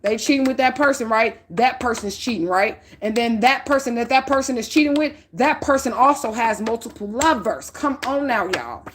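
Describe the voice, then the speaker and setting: A woman's voice: fairly high pitch, lively intonation, moderate pace, few pauses, slight background noise. A middle-aged woman giving a spiritual reading, preaching bluntly and profanely with heavy emphasis. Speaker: spiritual reader.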